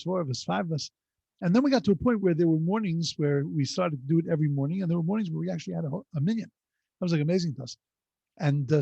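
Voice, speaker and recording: A man's voice: on the high side, vocal fry, mellow, husky, no echo, muffled recording. A man, a rabbi, teaching a class in a rambling, anecdotal storytelling way over a video call. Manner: rambling anecdotal delivery with frequent restarts. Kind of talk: conversational storytelling lesson.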